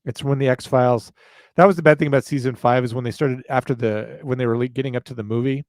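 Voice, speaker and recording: Guy with a gravelly voice rambling on a podcast, laughs at himself, dry close sound. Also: mid-range voice, fairly even intonation, quick pace, darkish tone, no room sound. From northern United States. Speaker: podcast host. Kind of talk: casual chat.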